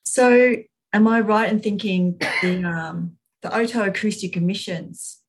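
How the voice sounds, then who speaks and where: A woman interviewer puts her questions tentatively and checks whether she has understood. Her voice is husky and a little breathy, at a middle pitch. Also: a little slow, rough recording.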